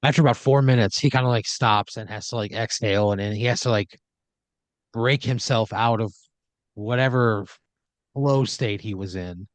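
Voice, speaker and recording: A man tells an improvised story in second person, rambling with lots of fillers and asides. His voice is on the low side. The recording is dry, with no room sound. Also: moderate pace, no room sound. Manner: rambling, lots of "like" and "you know". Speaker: host running the improv story.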